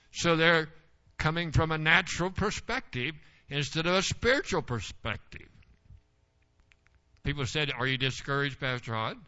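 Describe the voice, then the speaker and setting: Folksy older preacher with a bright edge. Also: male voice, a little high, muffled recording. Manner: folksy storytelling, rising to forceful exhortation. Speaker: pastor. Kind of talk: sermon.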